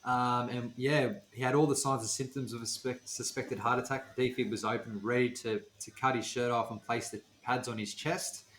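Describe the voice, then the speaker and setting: A man's voice: medium pitch, fairly even intonation, fairly quick, hardly any pauses, fairly bright tone, slight background noise. A man co-hosting a podcast, telling work stories in a plain, matter-of-fact way and cracking dad jokes. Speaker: podcast co-host. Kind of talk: casual chat. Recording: roomy echo.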